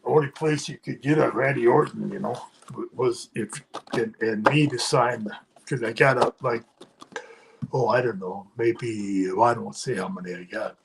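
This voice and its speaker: Casting: older man, gravelly voice with faint hiss behind, halting casual chatter. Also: medium pitch, fairly even intonation. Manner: halting, trailing off. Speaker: retired wrestler, guest. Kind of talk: casual chat.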